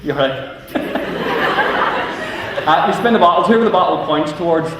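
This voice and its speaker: Northern Irish man, middle-aged, youth speaker: humorous storytelling, acted asides, boomy hall sound with long reverb. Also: quick pace, a bit bright, slight background noise. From Northern Ireland. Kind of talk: humorous talk to teenagers. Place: large civic hall. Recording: echoey hall from far off.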